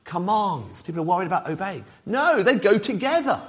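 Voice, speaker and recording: A middle-aged man preaching an all-age sermon, lively and interactive, drawing the congregation in. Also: high-pitched, brisk. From Wales. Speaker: pastor.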